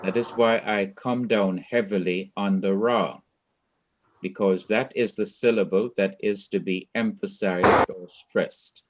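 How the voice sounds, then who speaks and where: A man with a Jamaican accent teaching a Hebrew lesson, speaking deliberately, repeating key words and quizzing his students. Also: lowish voice, steady tone. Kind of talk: online Bible language lesson. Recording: dull lo-fi sound.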